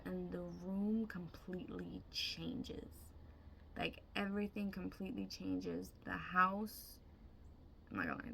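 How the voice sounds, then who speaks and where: A woman's voice: on the low side, creaky, a bit bright, a little hiss or hum. A woman casually retelling a vivid dream, chatty and emphatic, swearing freely. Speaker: storyteller.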